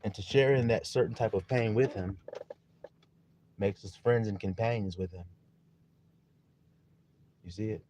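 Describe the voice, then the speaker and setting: A man preaching a sermon, reading scripture loudly and turning quiet for personal stories, often asking his listeners if they see. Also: fairly low pitch, unhurried, pauses often, a little hiss or hum. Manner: casual, blunt preaching with mild swearing.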